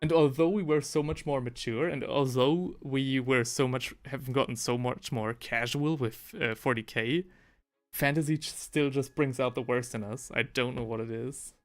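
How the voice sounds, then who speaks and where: A man's voice: medium pitch, steady tone, normal speed. A man in the middle of his voice range, chatting casually on a live hobby stream. He rambles and often restarts mid-sentence, reading viewer messages aloud, with faint music playing underneath. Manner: rambling, self-correcting, reads chat aloud. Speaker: livestream host painting miniatures. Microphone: headphones with desk mic.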